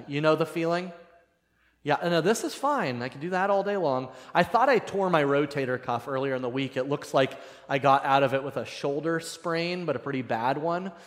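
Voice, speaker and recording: A man preaching a conversational sermon, telling a story in a casual, self-deprecating way. His voice is slightly strained from cracking earlier. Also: fairly high pitch. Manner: casual and self-deprecating, animated when retelling. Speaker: pastor. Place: church sanctuary. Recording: reverberant church hall.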